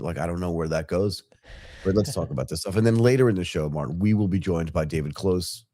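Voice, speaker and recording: A man hosting a live tech podcast in a relaxed, rambling way, often restarting his sentences. His voice sits very low and sounds warm and mellow. The studio sound is dry and close. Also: brisk, no room sound. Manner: energetic, rambling with fillers and restarts. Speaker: podcast co-host. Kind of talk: casual tech news chat.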